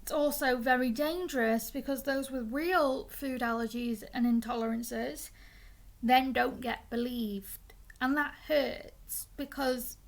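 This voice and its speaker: Speaking slowly with fairly even intonation, a young female vlogger chats casually as she explains things. Her high voice has a gravelly fry, she occasionally trips over and restarts words, and she's got the hiccups.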